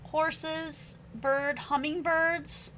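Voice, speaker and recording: In this rough recording with a faint hiss or hum, a young woman sells craft supplies on a home live stream, reading out stamp sentiments and prices as she chats. She speaks extremely slowly in a high, somewhat bright voice that barely varies in pitch.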